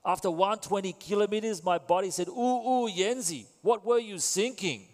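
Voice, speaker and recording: A man putting on a German accent as a gruff, fierce male cyclist, loud and strained. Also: high voice, normal speed, long reverb tail, voice pushed up, close to an everyday voice. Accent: German, put on.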